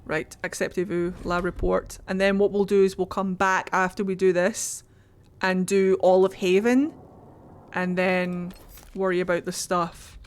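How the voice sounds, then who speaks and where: A woman's voice: lowish voice, level tone, unhurried, a little hiss or hum. A woman streaming a video game, chatting casually and getting easily distracted. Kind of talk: casual chat while gaming.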